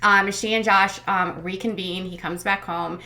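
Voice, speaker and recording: A woman's voice: mid-range voice, fairly even intonation, measured pace, sharp tone. A woman hosting a commentary channel, recapping casually in a chatty, sarcastic, critical way. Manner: sarcastic, critical, chatty with many ums and likes.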